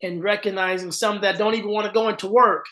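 Earnest man hosting, high voice. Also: fairly even intonation, fast, sharp tone. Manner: earnest, repeats words when starting sentences. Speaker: podcast host. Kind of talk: casual podcast conversation.

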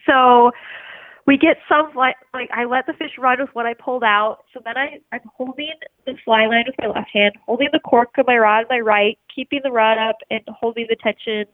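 Speaking at normal speed in a slightly high voice, a woman tells an animated story in loose, casual speech, leaning on "like" and swearing freely. She sounds dry and close over a narrow, phone-like line, with no room sound and no echo.

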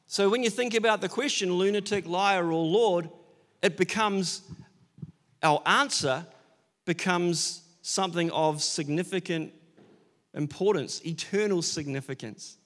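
A man's voice: high-pitched, a little slow, fairly bright tone, big-room sound. A man preaching an Easter sermon, earnest and building to emphatic declarations, with casual asides and fillers. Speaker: pastor.

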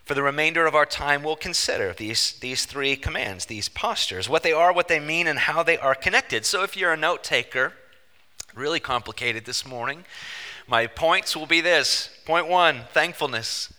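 A man preaching a sermon as pastor, emphatic and animated, with joking asides. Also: on the high side, normal speed. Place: church sanctuary. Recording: long church-hall reverb.

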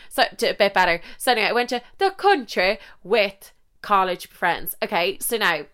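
A woman's voice: mid-range voice, animated, moderate pace, fairly bright tone. A young Irish woman in her twenties telling a rambling story in a casual monologue, swearing freely and interrupting herself.

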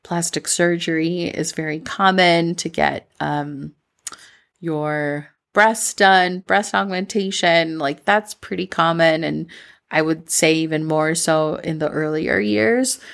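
A woman's voice: on the low side, gravelly. A young woman with a Midwestern American accent, hosting a solo podcast and talking candidly in a rambling, reflective way, full of "like" fillers. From born in Colombia, raised in Minnesota. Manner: candid, rambling, frequent "like" fillers, laughs at herself. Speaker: podcast host.

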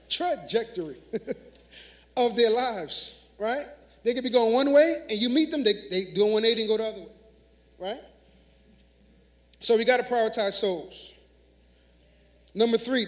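A man's voice: sits high, fairly bright tone. A man preaches in a church. He talks conversationally, then drives points home with emphatic repetition and questions thrown out to the congregation. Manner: emphatic, call-and-response preaching. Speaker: minister. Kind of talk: sermon.

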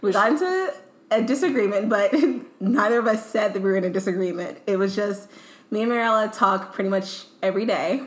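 A woman's voice: medium pitch, a little fast. Young woman, podcast co-host, teasing banter, laughs through her lines. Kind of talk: casual chat.

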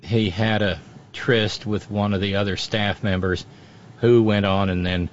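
A man's voice: lowish voice, steady tone, measured pace, muffled recording, a little hiss or hum. A man giving wry, storytelling commentary as a regular on a radio talk show, often restarting his sentences.

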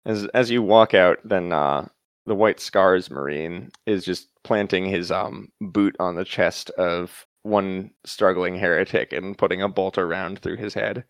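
A man narrating as game master of a tabletop role-play, relaxed and hesitant, with frequent fillers. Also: sits low, a little slow, smooth, no room sound.

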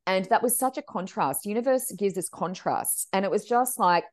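A woman working as a medium, telling stories as a podcast guest in a lively, expressive way and acting out the voices she quotes. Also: medium pitch, normal speed. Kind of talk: animated storytelling chat.

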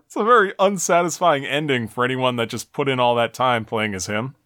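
A man's voice: mid-range voice, fairly quick, hardly any pauses, fairly bright tone, no echo, clean studio sound. A man co-hosting a casual talk show, walking through game endings and reading their text aloud with a wry tone. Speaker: podcast co-host. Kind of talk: casual retro game discussion.

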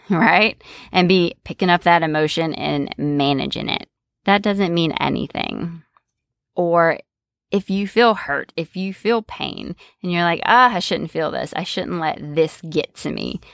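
Lage, krakerige vrouwenstem, droog opgenomen. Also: female voice, lowish voice, creaky, no room sound, studio quality. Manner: conversational, often ends with "right?"; laughs lightly between points. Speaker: coach. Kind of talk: solo podcast-style monologue.

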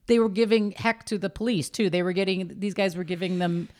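Middle-aged mom telling a family story. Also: female voice, mid-range voice, steady tone, fairly quick, a little mellow. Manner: rambling, restarts, chuckling. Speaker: guest, host's mother. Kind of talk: casual family chat.

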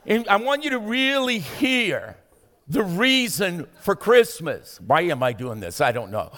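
A man preaching a sermon with a bright, forceful voice, a touch higher than most men. His points climb into shouted emphasis and he keeps calling for answers from the crowd. Long reverb trails behind him in a big hall. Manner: preaching with rising, shouted emphasis and audience call-and-response. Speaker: pastor.

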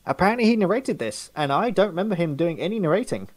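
A young man with a high, sing-song voice talks quickly as he co-hosts a podcast. He rambles through a film review in a chatty, casual way, often correcting himself.

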